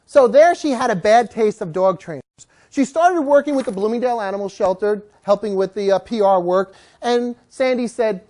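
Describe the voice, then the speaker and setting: A man teaching a dog-training class, telling stories with lively, acted-out voices. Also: high voice, a little fast. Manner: animated, acts out quoted voices. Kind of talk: storytelling lecture to a class.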